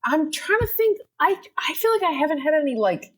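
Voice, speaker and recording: A woman's voice: high-pitched, very animated, fairly quick. A young woman, a comedian guest on a podcast, telling a rambling, self-deprecating story in casual chat.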